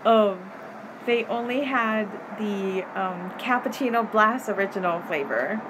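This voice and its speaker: A woman chats casually and giggles often on a live stream from her home apartment, holding her phone up as the microphone. Her voice is medium-pitched at a measured pace, with a noisy background.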